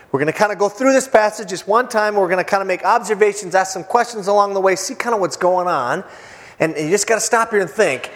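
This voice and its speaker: Joking preacher in a reverberant church hall. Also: male voice, sits high. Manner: casual, joking preacher with many fillers and restarts. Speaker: pastor. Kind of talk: sermon.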